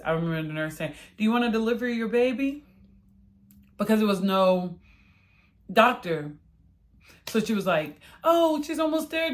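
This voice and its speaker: A woman telling a personal story in a chatty, animated way, laughing often and acting out quoted lines in a higher voice. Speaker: vlogger.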